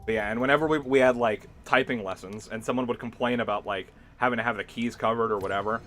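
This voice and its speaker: A man's voice: mid-range voice, fast, few pauses, a bit bright. A young man streaming a game, chatting loosely with lots of laughter and filler words as he rambles through a story. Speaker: gaming streamer. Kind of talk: casual livestream chat while gaming.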